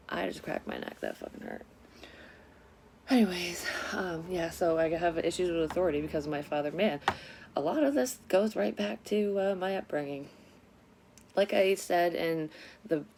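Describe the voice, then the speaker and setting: A woman with a notably low voice talks casually to her viewers. She is confessional and blunt, swearing freely as she rambles from one side thought to the next. A faint hum of background noise sits under the recording. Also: a little mellow. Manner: rambling, frequently sidetracked; swears often, frank and confessional. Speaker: psychic medium vlogger. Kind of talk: casual storytelling to camera.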